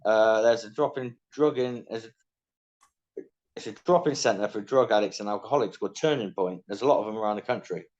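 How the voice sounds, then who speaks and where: A man's voice: fairly low pitch, normal speed, darkish tone, highs cut off. A middle-aged English man telling his life story candidly in casual interview talk, often acting out what people said to him. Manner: candid, self-mocking, acts out quoted dialogue.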